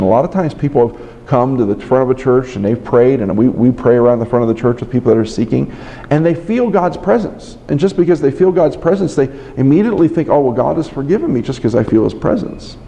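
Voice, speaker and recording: A man's voice: medium pitch, warm tone. A man preaching a sermon, telling a story earnestly and often restarting his words. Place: library conference room. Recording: long hall reverb.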